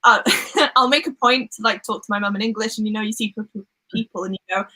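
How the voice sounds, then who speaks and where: A woman's voice: mid-range voice, fairly quick, sharp tone, low-quality recording. A young woman from Wales with a Welsh accent, chatting casually and laughing as she hosts a live reading stream. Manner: chatty, laughs often, acts out quoted exchanges.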